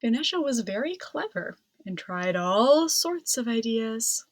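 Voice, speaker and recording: A woman reading a children's picture book aloud in an expressive, dramatic way. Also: a little high, measured pace, hardly any pauses, no echo. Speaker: storybook reader. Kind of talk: children's storybook read-aloud.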